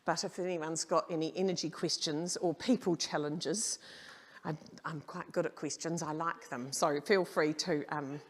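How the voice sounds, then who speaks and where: A woman's voice: deep voice, fairly even intonation, moderate pace. A middle-aged woman giving a humorous keynote talk, brash and storytelling, swearing casually. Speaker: keynote speaker. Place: conference hall.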